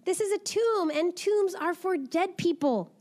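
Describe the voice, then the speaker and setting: A woman voicing a joyful male angel while reading a storybook aloud, in a bright, raised storytelling voice. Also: very high-pitched, measured pace, voice pushed up.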